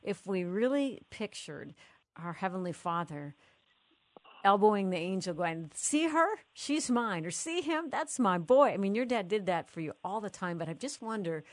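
A woman's voice: lowish voice, normal speed, no echo. A woman hosting an interview, talking casually and enthusiastically. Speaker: host. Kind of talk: casual chat.

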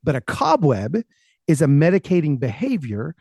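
Animated, fast-talking man telling a story. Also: on the high side, gravelly, breathy edge, dry recording, studio quality. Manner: animated, fast, with repeated restarts. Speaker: guest author. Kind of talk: personal storytelling in an interview.

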